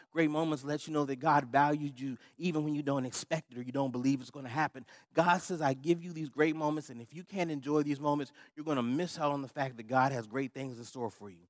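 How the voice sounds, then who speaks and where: A man's voice: mid-range voice, dry recording, studio quality. A middle-aged man preaching a sermon, telling a personal story in a humorous, conversational way and laughing often. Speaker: pastor.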